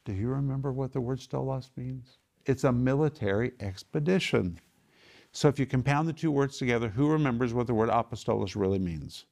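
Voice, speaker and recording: A man's voice: mid-range voice, fairly quick, gravelly, a little mellow. Emphatic preaching man, teaching his group. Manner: emphatic, repeats key phrases, quizzes the group. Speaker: Bible teacher and TV ministry host. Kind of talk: televised Bible teaching. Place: small home group setting.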